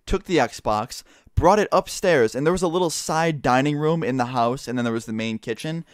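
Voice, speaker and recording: A man's voice: mid-range voice, clear, resonant tone, dry recording, clean studio sound. A young man rambling through a casual storytime, swearing often. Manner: fast, rambling, swears a lot.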